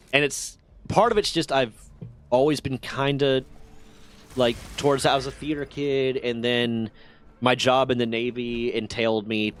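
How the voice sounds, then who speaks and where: A man hosting a livestream, telling stories to his chat in a profane, animated way. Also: medium pitch. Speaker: livestream host. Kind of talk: casual storytelling to a stream chat.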